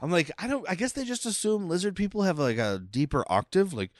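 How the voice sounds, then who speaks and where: A man co-hosting a podcast, chatting casually about a film and telling animated stories with quoted asides. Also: high voice, fairly quick, no room sound, clean studio sound. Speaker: podcast co-host. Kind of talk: casual film review chat.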